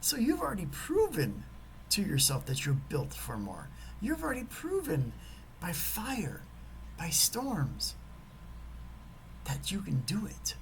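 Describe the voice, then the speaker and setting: A man giving a motivational talk and telling a personal story. He is animated and swings between loud emphasis and hushed whispers. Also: on the high side, gravelly, a little hiss or hum, low-quality recording. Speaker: motivational speaker.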